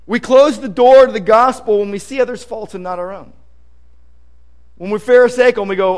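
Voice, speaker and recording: Male pastor, high voice, conversational and emphatic sermon delivery with scripture readings. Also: fairly even intonation, fairly quick, darkish tone.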